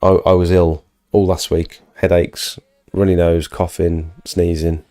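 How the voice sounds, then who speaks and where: Low husky-edged man losing his voice. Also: little pitch movement, a little slow, mellow. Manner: chatty, answers viewer questions, frequent restarts. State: losing his voice, getting over an illness. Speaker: live stream host. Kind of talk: casual live Q&A about pressure washing.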